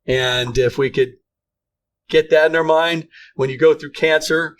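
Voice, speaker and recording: A man's voice: fairly high pitch, fairly even intonation. A middle-aged man co-hosting a faith podcast, talking earnestly with frequent restarts. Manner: earnest, halting, many restarts. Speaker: podcast co-host. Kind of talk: casual faith conversation.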